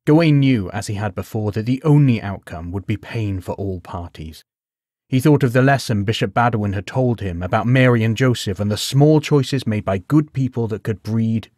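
Measured male bedtime storyteller. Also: fairly low pitch, a little mellow, no echo, clean studio sound.

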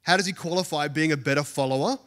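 A man's voice: on the high side, fast talker, fairly bright tone. A man with an Australian accent, a pastor preaching a sermon to a congregation in a church, earnest and building emphasis through repeated phrases.

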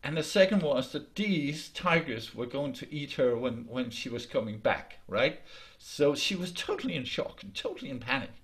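A man telling a folk tale in a lively, halting way, over a video call. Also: mid-range voice. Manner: lively, halting with restarts, laughs along. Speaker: storyteller. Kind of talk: oral folk storytelling.

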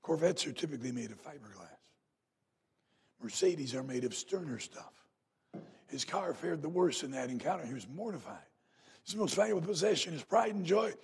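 A man preaching a revival sermon in a church, telling folksy stories and rising to loud emphatic peaks. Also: fairly high pitch, expressive, normal speed, vocal fry, husky. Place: church sanctuary.

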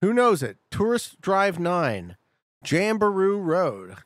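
A man streaming a geography game, chatting casually with his viewers and bursting out excitedly when he gets it right. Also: high-pitched, takes it slowly, no echo, clean studio sound. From Canada. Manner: chatty, talks to chat, excitable outbursts. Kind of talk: casual live-stream commentary.

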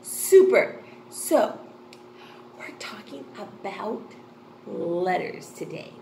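A woman teaching a kindergarten phonics class, talking slowly and excitedly with delighted gasps. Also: medium pitch, vocal fry. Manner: slow, sing-song and excited, gasping with delight. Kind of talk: online lesson for young children. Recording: echoey room with faint noise.

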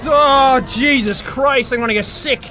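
Very high-pitched, screaming Irish man. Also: unhurried. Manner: loud, screaming, swearing, frequent laughing. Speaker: gaming video host. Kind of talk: excitable gaming commentary. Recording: music and crowd noise in the mix. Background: music and crowd sounds.

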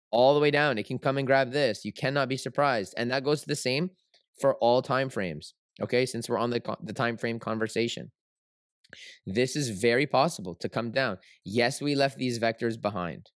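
A man's voice: mid-range voice, dry recording, clean studio sound. A man hosting a trading livestream, teaching in a casual, rambling way with lots of fillers and tag questions.

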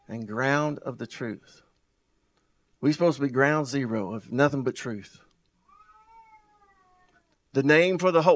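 A man preaches with fervor and a fairly high voice. He keeps firing rhetorical questions and repeating phrases. He swings from loud bursts to near-murmurs and stretches out words for weight. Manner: wide swings in loudness and pace, drawn-out emphasis. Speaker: pastor. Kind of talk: sermon.

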